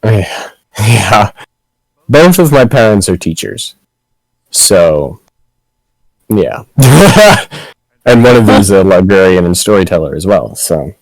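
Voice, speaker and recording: A man's voice: on the low side, very animated, slow, gravelly, pauses often, no echo, low-quality recording. A man chatting casually between tabletop game turns, rambling and restarting his sentences. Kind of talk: casual chat.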